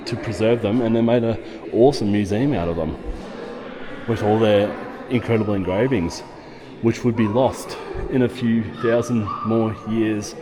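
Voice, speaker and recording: Travel vlogger, man, low voice, eager and exclaiming, recorded on a camera mic among crowds. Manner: enthusiastic, exclaims often. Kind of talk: walking tour narration. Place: outdoor archaeological site with crowds.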